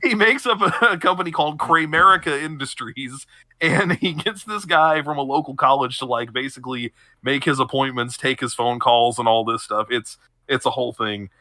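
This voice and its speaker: A man's voice: medium pitch, moderate pace, bright, forceful tone, no room sound. A young man on a podcast, animatedly retelling TV episodes and laughing often mid-sentence. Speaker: podcast co-host. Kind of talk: casual chat, recapping TV episodes.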